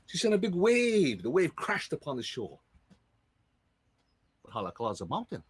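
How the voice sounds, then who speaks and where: A man from Hawaii telling island legends with lively sound effects, in a Hawaiian Pidgin accent. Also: a little high, normal speed, husky, dry recording. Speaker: storyteller. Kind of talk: live storytelling of legends.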